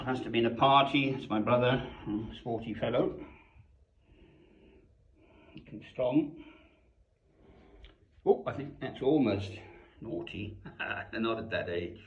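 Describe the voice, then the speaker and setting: An older man from South Africa, low-voiced and very slow, muses over family photos with soft chuckles. His voice sounds roomy and a little dull, as on a lo-fi recording. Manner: musing, chuckling, repeating words softly.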